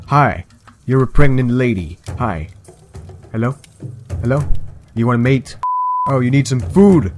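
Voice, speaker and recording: A young man in casual gaming commentary who turns the game into a playful mock story. His pitch swings widely as he jokes, and faint music plays under him. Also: expressive, measured pace, pauses often. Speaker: gaming video host. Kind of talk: casual let's-play commentary.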